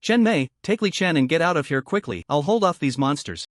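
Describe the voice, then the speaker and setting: A man's voice: fairly high pitch, lively intonation, brisk, dry recording, clean studio sound, natural voice. A man voicing a vigorous male warrior in powered armor in an audio story, speaking with commanding urgency.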